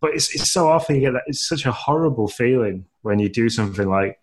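A man's voice: mid-range voice, animated, quick pace. A man in his thirties, co-hosting a podcast and telling a rambling, self-deprecating story full of fillers. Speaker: podcast co-host. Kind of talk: casual chat, storytelling.

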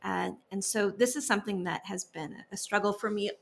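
A woman's voice: medium pitch, steady tone, a little fast, creaky. A middle-aged woman and parent, co-hosting a podcast in easygoing, self-deprecating chat. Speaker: podcast co-host. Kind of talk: casual chat.

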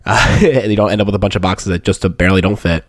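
A man with a very deep voice speaks in a casual podcast chat, recorded close and dry. He tells stories in an easygoing, anecdotal way. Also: fast, no echo. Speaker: podcast co-host.

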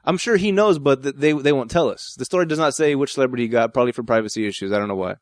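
A man co-hosting a casual podcast chat, relaxed and quick to laugh as he recounts a news story. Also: medium pitch, dry recording. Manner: laid-back, laughs easily, reads out a news story. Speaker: podcast co-host.

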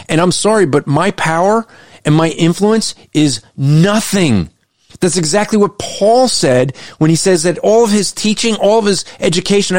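A man giving critical Christian commentary, emphatic and argumentative, slowing down whenever he reads a quote aloud. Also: sits high, no room sound, clean studio sound. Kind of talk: critical commentary on a list of values.

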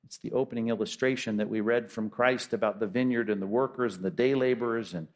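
A man's voice: fairly low pitch, fairly even intonation, quick pace. A man preaching a sermon as pastor, emphatic and full of rhetorical questions.

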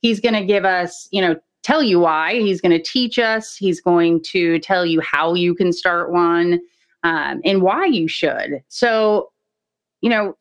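Woman, podcast co-host, slightly low pitch, smooth clear voice, upbeat casual intro. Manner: upbeat, stumbling over words.

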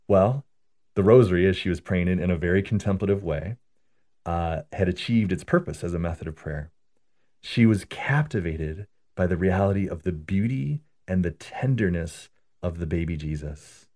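A priest explains prayer in an earnest, conversational way and tells stories as he goes. His voice sits very low. He often checks in with a quick "right?". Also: animated, mellow. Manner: earnest, storytelling, repeats "right?".

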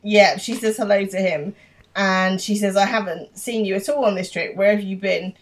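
A woman with a mid-range voice casually narrates a TV episode's plot on a podcast. She strings the quoted dialogue together one line after another. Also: mid-range voice. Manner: narrates plot quickly, quoting lines, with laughs. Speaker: podcast co-host. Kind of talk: casual recap chat.

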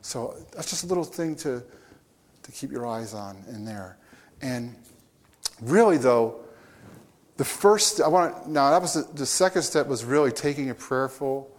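Male preacher, mid-pitched, animated storyteller with audience asides. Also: unhurried. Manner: animated, with restarts and chuckles. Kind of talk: conversational sermon.

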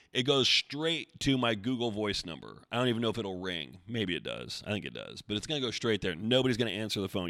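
A man's voice: fairly low pitch, a bit bright, no echo, clean studio sound. A man hosting his own podcast alone, chatting in a rambling, jokey, self-deprecating way. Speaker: podcast host. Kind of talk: casual solo podcast talk.

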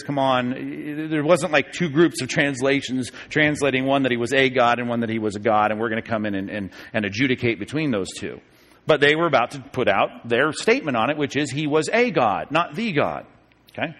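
A man's voice: mid-range voice, a bit bright. Man teaching in an echoing hall. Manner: conversational, keeps checking in with "okay?" and "right?". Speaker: pastor teaching a Bible study class. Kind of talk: casual classroom teaching. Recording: long reverb of a large hall.

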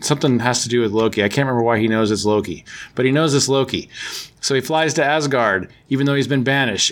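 A man's voice: medium pitch, fairly bright tone. A man hosting a podcast, recapping a comic book story in a casual, rambling way, full of fillers and self-corrections. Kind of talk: casual chat.

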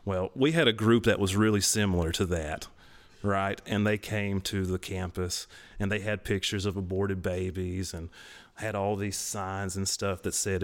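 A man tells his own story on a podcast. His voice sits a little low but leaps up when he stresses a point. He laughs now and then as he goes. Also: normal speed. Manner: animated, laughs while telling stories, voice jumps way up for emphasis. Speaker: podcast co-host. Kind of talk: casual testimony storytelling.

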